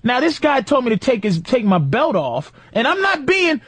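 A middle-aged man riffs loudly and mockingly, acting out phone calls and airport run-ins. His voice sits high and swings widely in pitch. The sound is close and dry. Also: wildly swooping pitch, normal speed, husky, no echo. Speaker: podcast co-host. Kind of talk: profane comedic rant.

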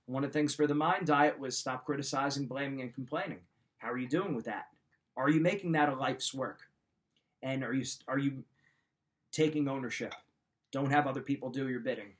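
A man's voice: medium pitch, brisk. A man hosting a motivational talk, giving life advice in a direct coaching manner and repeating his key points.

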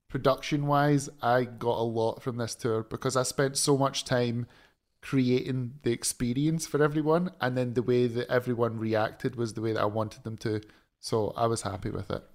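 A man telling a story in casual chat, animated, swearing freely and laughing as he talks. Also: mid-range voice, moderate pace.

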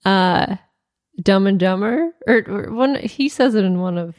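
A woman's voice: medium pitch, unhurried, darkish tone, studio quality. A woman co-hosting a podcast in casual chat, playful and echoing the others. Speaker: podcast co-host.

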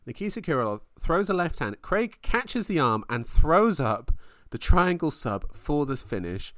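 An excitable man co-hosting a casual fight podcast, his voice leaping up and down as he runs through results. He laughs often and swears freely. The sound is close and dry. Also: on the high side, unhurried, dry recording. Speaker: podcast co-host.

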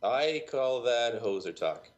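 A man's voice: mid-range voice, animated, slow. A man from Canada, a music producer guest on a podcast, talking frankly and with self-deprecating humor. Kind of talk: casual interview chat.

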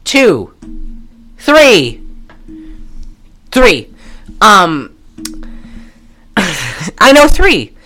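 A woman's voice: mid-range voice, huge pitch swings, fairly bright tone, faint music behind. A woman co-hosting a podcast, casually recapping an old horror movie, swearing freely and acting out lines with bursts of laughter. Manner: profane, laughing, acts out characters in quick asides. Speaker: podcast co-host.

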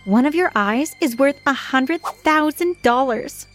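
A woman's voice: high-pitched, expressive, measured pace. A woman voicing a sweet young girlfriend with a sinister side, speaking in a lilting, playful way over music. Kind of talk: storytelling. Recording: music behind.

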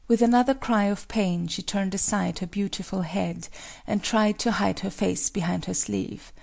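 A woman reading a folk tale as scripted narration, in a measured, solemn way. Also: medium pitch, fairly even intonation, gravelly, a little mellow. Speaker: storyteller.

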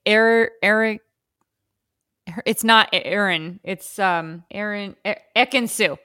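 Young woman podcaster, bright voice, rambly casual chat, dry close sound. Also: medium pitch, slow pace, clean tone, dry recording. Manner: chatty, lots of fillers, mimics people in quotes. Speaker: podcast co-host.

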